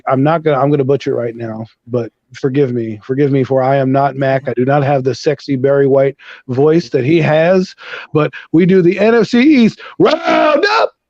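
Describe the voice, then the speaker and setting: A man's voice: on the high side, warm tone, no echo, dull audio. A man co-hosting a sports podcast, rambling and joking at his own expense. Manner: rambling, jokey, self-deprecating. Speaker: podcast co-host. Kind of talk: casual sports podcast chat.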